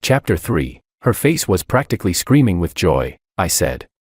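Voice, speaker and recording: Deep-voiced man narrating a story. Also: sing-song, normal speed, breathy edge, no echo, studio quality. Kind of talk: first-person story narration.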